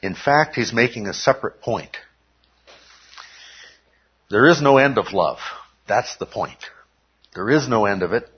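A man with a lowish, breathy-edged voice gives a sermon at a church service, speaking animatedly but a little slowly and pausing often. He guides the congregation step by step, regularly checking in with "okay?". It's a dull, lo-fi recording.

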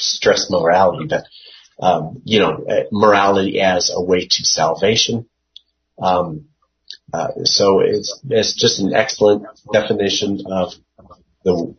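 Slow, low-voiced man teaching scripture. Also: fairly even intonation, highs cut off. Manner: unhurried, thinking aloud with many fillers and restarts. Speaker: Bible study teacher. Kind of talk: informal Bible study teaching.

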